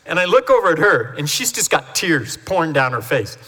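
A pastor preaching in a church sanctuary, his fairly high voice bright and forward. He tells stories in a chatty way and acts out the people he quotes. The sound carries a long hall reverb. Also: brisk. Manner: chatty storytelling with lively acted-out quotes. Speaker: family pastor. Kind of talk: sermon.

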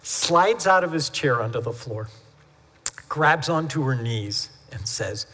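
A man's voice: medium pitch, animated, slow pace, fairly bright tone. A man preaching a sermon as the family pastor, chatty and storytelling, acting out quoted voices as he goes. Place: church sanctuary. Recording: long hall reverb from a church sanctuary.

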